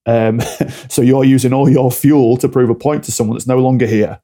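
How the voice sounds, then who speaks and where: A man's voice: medium pitch, fairly even intonation, moderate pace, dark tone. A man talking candidly as a podcast guest, often acting out little back-and-forth dialogues to explain a point. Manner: explains with acted-out mini dialogues. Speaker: podcast guest, alcohol-free coach.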